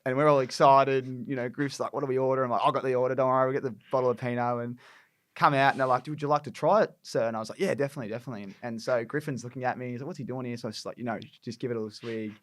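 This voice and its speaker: Laid-back bloke telling stories. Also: male voice, mid-range voice, fairly even intonation, rapid-fire, a bit bright, no room sound. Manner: laid-back storytelling, full of fillers. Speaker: podcast guest, former footballer. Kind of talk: casual chat.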